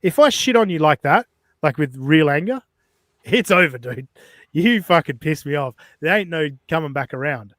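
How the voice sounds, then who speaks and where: A man's voice: on the high side, expressive, moderate pace, a bit bright, no echo, studio quality. Blunt, profane male podcast host. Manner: profane, blunt, laughs between jabs. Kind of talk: casual podcast banter.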